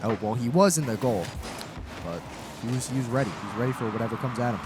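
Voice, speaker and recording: A man giving live esports play-by-play from a college studio set, excitable and tripping over his words. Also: medium pitch, fast. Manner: excitable, stumbles and repeats words. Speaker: esports caster. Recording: steady background noise.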